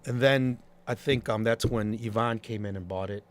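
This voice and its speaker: Animated man telling club stories. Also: on the low side, moderate pace. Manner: animated, acts out quoted voices. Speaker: guest, club promoter and DJ. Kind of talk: casual storytelling interview.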